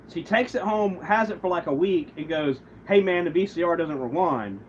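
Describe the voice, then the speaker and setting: Male livestreamer, higher-pitched, profane and aggrieved, rambling retelling; muffled lo-fi audio with faint hiss. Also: lively intonation, moderate pace. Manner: rambling, with many restarts and quoted back-and-forth. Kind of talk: casual livestream rant. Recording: muffled lo-fi stream audio, faint background noise.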